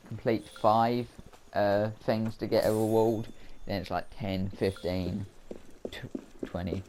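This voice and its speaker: Slow, rambling man commenting on a game. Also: on the low side, a little mellow. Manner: rambling, hesitant, lots of filler words. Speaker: let's play commentator. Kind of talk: casual gameplay commentary. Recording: game audio noise behind voice.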